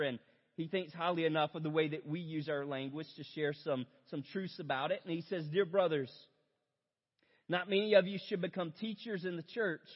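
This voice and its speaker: A male pastor preaching a sermon in a conversational way, often tagging lines with "right?", and reading scripture more slowly and softly. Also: high voice. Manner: reads scripture slower and softer. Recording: reverberant hall, dull lo-fi sound.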